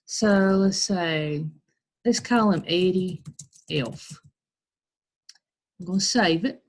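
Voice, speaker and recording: Slow, husky American woman teacher. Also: fairly low pitch. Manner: patient, step-by-step explaining. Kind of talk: recorded screen tutorial for children.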